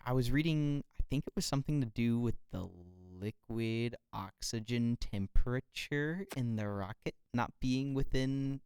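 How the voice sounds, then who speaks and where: A young woman co-hosting a student podcast, telling stories in relaxed casual chat. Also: a bass voice, clean tone, dry recording. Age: young adult. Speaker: podcast co-host.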